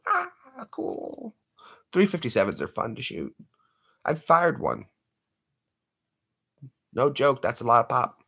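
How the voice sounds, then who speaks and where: A man hosts a late-night livestream and chats easily with his viewers. He talks in a playful, joking way. His pitch moves a lot as he speaks. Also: wildly swooping pitch, takes it slowly, creaky, pauses often, bright, forceful tone, slightly rough. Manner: playful, jokey, slips into put-on accents. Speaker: livestream host.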